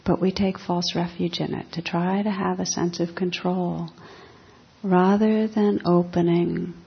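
A woman meditation teacher giving a dharma talk in a calm, reflective, unhurried way. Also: fairly low pitch, gravelly, slightly rough. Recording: dull lo-fi talk recording.

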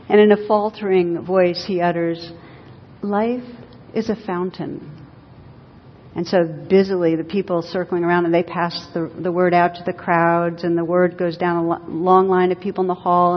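A woman teacher gives a dharma talk, telling stories in a gentle way with light laughter. Her voice sits on the low side. The sound has a long echo from a hall, with a faint rumble underneath. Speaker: meditation teacher. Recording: dull lo-fi recording in an echoey hall with faint rumble.

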